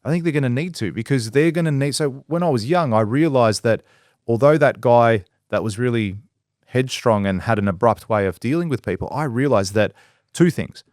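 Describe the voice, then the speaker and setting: Man, business-owner co-host, blunt and foul-mouthed, mid-pitch, dry close sound. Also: normal speed, no echo. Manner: blunt and profane, acts out quoted people in lively voices. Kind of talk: casual podcast discussion.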